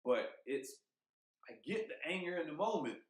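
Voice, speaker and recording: A man co-hosting a podcast, talking in a heated, emphatic way, swearing freely and thinking out loud with restarts. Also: fairly high pitch, big pitch swings, normal speed. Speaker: podcast co-host. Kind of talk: casual podcast chat. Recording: roomy echo.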